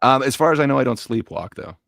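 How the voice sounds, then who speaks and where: A man on a casual livestream panel, telling stories in a relaxed way with fillers. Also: mid-range voice, quick pace, gravelly, dry recording, clean studio sound. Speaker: panel guest.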